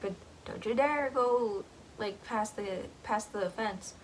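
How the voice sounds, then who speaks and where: A woman's voice: mid-range voice, takes it slowly, natural voice, poor audio. A strict father warning his son, as a woman acts him out. He is stern but short-spoken. It comes from a casual book retelling with faint background noise.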